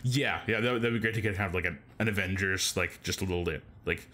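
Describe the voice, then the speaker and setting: A man's voice: low voice, fast, bright, forceful tone. A man co-hosting a podcast in casual chat, rambling enthusiastically with lots of filler words. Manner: enthusiastic fan. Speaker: podcast co-host.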